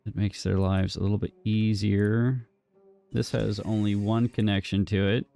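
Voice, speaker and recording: This gaming streamer has a lowish, dark-toned voice with vocal fry, a level tone and moderate pace, with faint music behind him. He casually commentates his own gameplay as he builds, thinking aloud, joking and talking to himself and the game.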